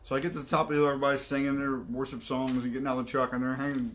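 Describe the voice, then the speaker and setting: A man of middle pitch tells a story on a live stream in a relaxed, candid way, owning up to his own fears. Faint crickets chirp behind him. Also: racing, hardly any pauses, slight background noise. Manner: candid, earnest, self-deprecating. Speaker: co-host.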